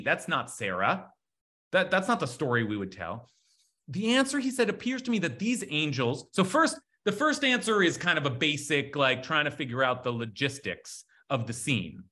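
A man teaching a lively text study class, talking excitedly with frequent restarts. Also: fairly high pitch, normal speed.

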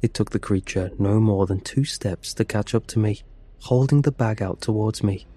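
A man narrating a horror story for a podcast in a slow, hushed and tense way. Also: lowish voice, slightly rough.

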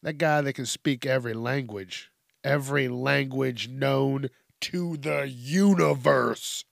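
Gravelly man chatting on a podcast. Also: medium pitch, takes it slowly, no echo, clean studio sound. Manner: rambling and profane, laughs at his own tangents. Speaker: podcast host. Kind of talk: casual solo podcast chat.

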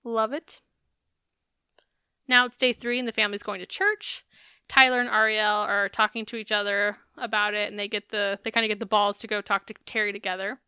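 A woman's voice: medium pitch, level tone, a little fast, pushed and bright, smooth, no room sound, clean studio sound. A woman co-hosting a podcast, recapping a reality show in casual, chatty talk with some swearing. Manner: chatty, profane, laughs while recapping. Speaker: podcast co-host.

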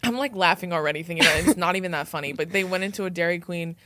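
A young woman hosting a casual podcast, her voice sitting on the low side. She tells stories with emphatic, animated energy and leans on filler words constantly. The sound is dry and close, with no room around it. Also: racing, no echo. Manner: animated, emphatic storyteller, heavy filler use. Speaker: podcast host. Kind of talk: casual chat.

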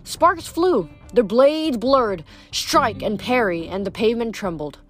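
A woman reading a novel aloud in an unhurried way, with small slips and restarts. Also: on the high side, lively intonation, faint music behind. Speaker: reader.

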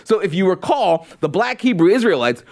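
A man hosting a commentary podcast, his voice sitting a little high. He swings it up and down a lot. He talks in a sarcastic, mocking way. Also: big pitch swings, brisk, darkish tone. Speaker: podcast host. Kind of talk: political commentary podcast with ad read.

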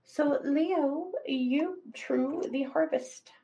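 Woman, fairly high voice, chatty and animated, livestream astrology reading. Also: very slow, rough recording. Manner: chatty, animated, laughs often. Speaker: psychic reader, co-host.

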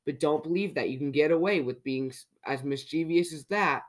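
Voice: medium pitch, fairly quick, lightly acted. A reader doing a stern old wizard. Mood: scolding. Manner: scolding, stern. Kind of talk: storybook read-aloud.

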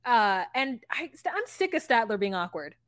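A woman's voice: a little high, sing-song, normal speed, no room sound, studio quality. A woman co-hosting a podcast, chatting casually in a laid-back, hesitant way, often laughing. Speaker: podcast co-host. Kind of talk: casual chat recap.

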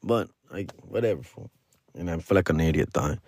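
A man from Los Angeles, a comedian, telling a story in a casual, profane, slangy way, dropping Spanish words and swinging his pitch and loudness. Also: brisk, no room sound, clean studio sound. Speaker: stand-up comedian, podcast host.

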